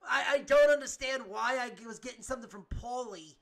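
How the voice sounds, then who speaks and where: A man's voice: very high-pitched, fairly quick, creaky, fairly bright tone. A man co-hosting a podcast, trading crude improvised comedy banter in a stammering, rambling, profane way. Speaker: podcast co-host.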